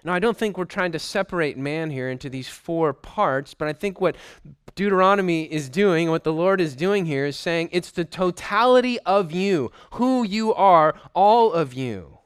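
A man preaching with an emphatic, deliberate delivery, driving home points through repetition. His voice sits a bit high and comes through smooth and clear. The sound is dry and close, with no room echo. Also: lively intonation. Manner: emphatic, repeats phrases for stress. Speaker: pastor. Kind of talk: sermon.

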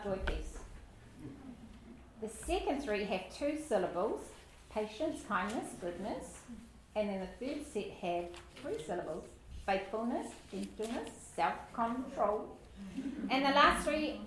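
A woman gives a Bible study in a casual, chatty way, breaking off for little self-deprecating asides. Her voice sits at an everyday middle pitch. It rings around an echoey hall, with a faint hum of noise behind her. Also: a bit bright. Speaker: Bible teacher.

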